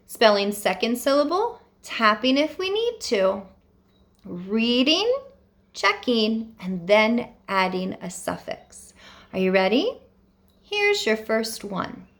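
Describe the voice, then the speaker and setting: A woman teaching first graders in a remote phonics lesson, slow and encouraging, with a sing-song teacher delivery. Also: on the high side.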